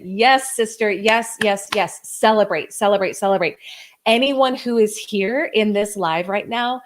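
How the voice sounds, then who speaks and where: A woman's voice: medium pitch, unhurried. Woman, 30s, live-stream coaching host: effusive, gushing, chatty, peppered with "like.".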